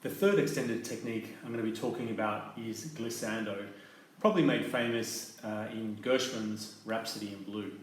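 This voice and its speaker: Low-ish guy calmly walking through a clarinet lesson, lots of room echo. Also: moderate pace. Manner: calm, methodical explaining with soft fillers. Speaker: clarinet teacher. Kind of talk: instructional demonstration. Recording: very echoey room with faint noise.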